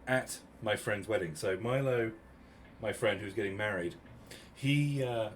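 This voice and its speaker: A man from Cornwall in his thirties with a British accent, casually telling a story to his stream chat in an animated, chatty way. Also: on the low side, a little slow, a little hiss or hum. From Cornwall, England. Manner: chatty, animated retelling with quoted voices.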